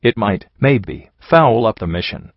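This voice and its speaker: A brave but anxious young pony mare who speaks haltingly, voiced by a male narrator in his own low register. The recording is dry and slightly dull. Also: animated, no echo. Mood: nervous. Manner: hesitant and nervous.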